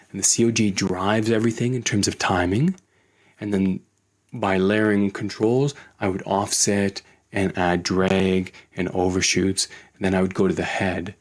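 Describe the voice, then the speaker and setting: A man teaching animation in a screen-recorded tutorial, relaxed and thinking aloud as he works. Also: fairly low pitch. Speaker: animation instructor.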